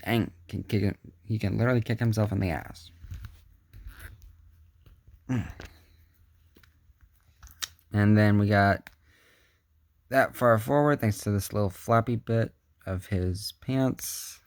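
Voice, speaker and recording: Low-pitched guy casually reviewing an action figure, talks slow, mutters to himself while fiddling with it. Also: a little mellow, no room sound. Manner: chatty, muttering asides while handling the figure. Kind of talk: casual hands-on toy review.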